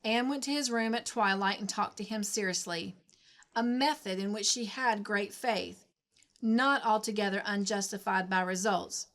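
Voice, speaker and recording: A woman reads a classic novel aloud, with measured, expressive storytelling. Her voice sits at a middle pitch for a woman. She paces the narration calmly and evenly. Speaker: storybook reader.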